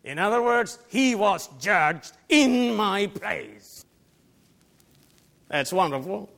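Emphatic preacher in a reverberant hall. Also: male voice, sits high, lively intonation, slow, creaky. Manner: emphatic, swings between loud declarations and quiet asides. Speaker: pastor. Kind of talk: sermon. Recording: long reverb of a large hall.

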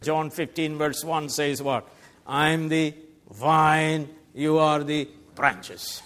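Emphatic preacher in a reverberant hall. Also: male voice, on the high side, takes it slowly. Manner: emphatic, swings between loud declarations and quiet asides. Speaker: pastor. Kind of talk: sermon. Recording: long reverb of a large hall.

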